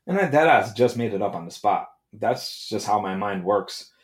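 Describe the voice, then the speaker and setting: A man's voice: lowish voice, lively intonation, moderate pace, roomy sound. A man hosting a podcast, telling a comedic story in a brash, profane rant. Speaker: podcast host. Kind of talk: comedic monologue.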